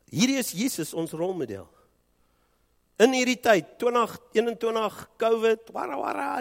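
A male pastor with a South African accent delivers a sermon in a church hall, and the long reverb trails after each phrase. His voice sits a little high for a man. He swings from loud, urgent pushes to low, hushed lines. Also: creaky. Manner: dramatic swings from loud urging to hushed lows. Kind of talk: bilingual sermon.

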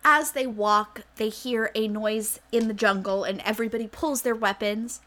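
A woman co-hosting a comedy podcast, recapping a TV episode in casual chat with a sarcastic edge and quick acted-out character lines. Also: fairly high pitch, steady tone, a bit bright.

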